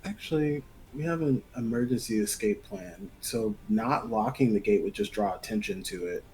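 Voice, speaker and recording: A man's voice: fairly low pitch, normal speed, darkish tone, rough recording. A man playing a tabletop game who thinks aloud and plans each move step by step. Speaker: player.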